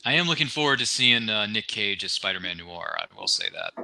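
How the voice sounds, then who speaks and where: A man hosting a casual movie watch-along, upbeat and quick to laugh at himself. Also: fairly low pitch, wildly swooping pitch, creaky, background noise. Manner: upbeat, laughs often, self-deprecating.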